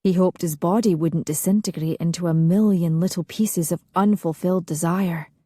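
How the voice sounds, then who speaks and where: A woman narrates a romance audiobook in a soft, intimate, unhurried read. Her voice is somewhat low, mellow and husky, and very slow. The recording is close and dry. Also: steady tone, dry recording.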